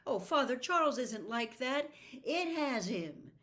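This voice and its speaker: A woman reading aloud, voicing a frantic, desperate young girl with high, anguished cries. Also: expressive, unhurried, a bit bright.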